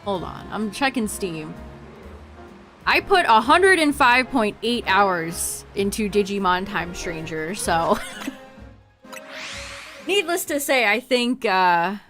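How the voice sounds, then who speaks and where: A woman's voice: medium pitch, animated, slow, long pauses, fairly bright tone, faint music behind. A woman streaming a game, chatting casually with her viewers, laughing often and trailing off mid-sentence. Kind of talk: casual livestream chat to viewers.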